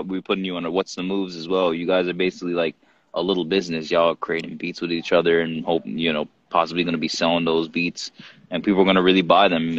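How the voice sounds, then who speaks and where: Relaxed low-voiced man co-hosting. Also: no echo. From Jamaica. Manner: laid-back, laughs often, loose slang. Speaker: podcast co-host. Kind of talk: casual chat. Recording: dull lo-fi sound.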